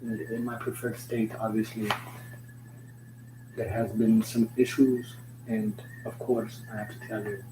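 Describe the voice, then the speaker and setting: Low flat-voiced young guy rambling on camera, slangy and jokey, humming noise behind. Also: unhurried. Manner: meandering, joking, slangy, swears. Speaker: vlogger. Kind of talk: rambling stream-of-consciousness vlog. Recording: noticeable background hum.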